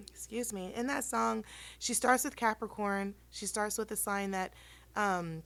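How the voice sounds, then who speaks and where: A woman hosting a casual tarot reading, chatty and rambling with many ums, her voice slightly hoarse. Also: medium pitch, steady tone, unhurried, fairly bright tone. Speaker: tarot reader and channel host.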